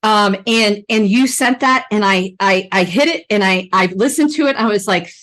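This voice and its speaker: A woman hosting a podcast, talking casually and with feeling, laughing often as she tells animated stories. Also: medium pitch, moderate pace. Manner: animated storyteller, laughs often, mimics voices. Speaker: podcast host. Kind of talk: casual, emotional remembrance conversation.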